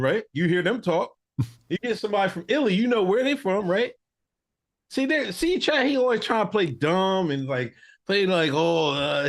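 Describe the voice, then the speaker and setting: A man co-hosting a podcast in casual chat, animated and laughing. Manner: animated, laughing, swings pitch widely when making a point. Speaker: podcast co-host.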